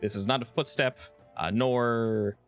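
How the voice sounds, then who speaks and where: Relaxed male game master. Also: mid-range voice, measured pace, faint music behind. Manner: relaxed, hesitant narration with many uh fillers. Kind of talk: narrating a tabletop game.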